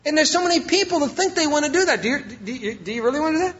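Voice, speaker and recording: A man's voice: very high voice, very fast, a bit bright, lo-fi sound. A male pastor preaching a sermon, emphatic and repeating his key phrases.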